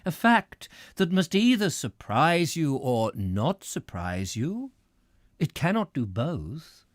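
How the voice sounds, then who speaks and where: A man voicing a placid, probing official in an audiobook reading, speaking slowly and softly. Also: fairly high pitch, sing-song, no echo, studio quality. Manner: slow, soft and unhurried, drawn-out questions. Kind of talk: audiobook character voice.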